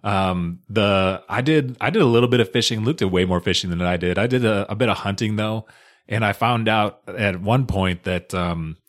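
A man with a fairly low voice, chatting as a podcast guest. He talks in an easygoing way, often hesitates, and uses a lot of fillers. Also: normal speed. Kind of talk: casual chat.

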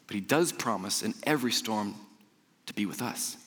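A man's voice: medium pitch, lively intonation, moderate pace, breathy edge. Impassioned male preacher in a reverberant hall. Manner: impassioned, swinging from loud emphatic lines to hushed ones. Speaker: pastor. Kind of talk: sermon.

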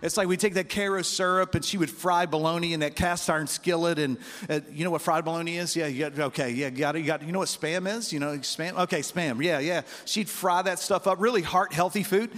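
A man's voice: fairly high pitch, fairly quick, few pauses, fairly bright tone. A man preaching a sermon as pastor, telling folksy stories and calling out to the congregation. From West Virginia roots, United States. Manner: folksy storytelling with call-outs to the congregation. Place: church hall. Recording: long reverb of a large hall.

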